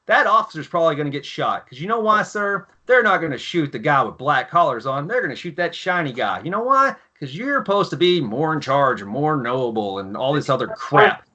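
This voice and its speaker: A man in his thirties, a former Marine guest, telling profane, animated stories in casual podcast chat. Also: on the high side, fairly quick, hardly any pauses, muffled recording.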